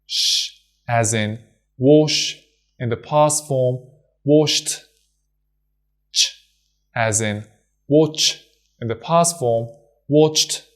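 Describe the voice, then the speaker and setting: Slow, deliberate male pronunciation teacher. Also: medium pitch. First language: Persian. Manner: slow and deliberate, repeating example words. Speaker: English teacher. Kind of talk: scripted pronunciation lesson.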